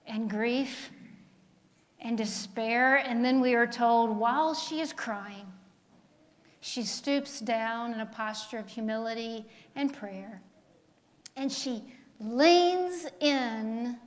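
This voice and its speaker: Slow-preaching woman pastor in a reverberant sanctuary. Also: a little high. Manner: preaching with call-and-response questions. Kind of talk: sermon. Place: church sanctuary.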